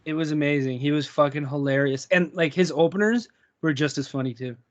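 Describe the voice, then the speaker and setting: Young man, casual podcast chat, slightly high voice, muffled lo-fi recording. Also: brisk, dry recording. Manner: laid-back, swears often, laughs through stories. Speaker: podcast co-host. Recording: dull lo-fi sound.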